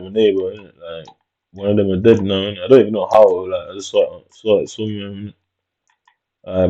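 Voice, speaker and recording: A man's voice: sits low, mellow, dull audio. A man telling a long, reflective story about his childhood in casual, rambling talk, dropping "innit" throughout. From Jamaica. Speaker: vlogger.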